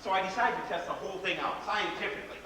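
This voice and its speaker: A man's voice: high voice, fast talker, close to an everyday voice. An actor playing a whimsical, rebellious grown man, telling stories with theatrical, playful flourishes in a live stage play. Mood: delighted. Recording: echoey theater hall from far off, faint noise.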